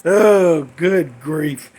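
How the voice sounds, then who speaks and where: A man's voice: high-pitched, a bit bright. A man hosting a podcast, telling a rambling comic story with folksy chuckles. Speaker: podcast host.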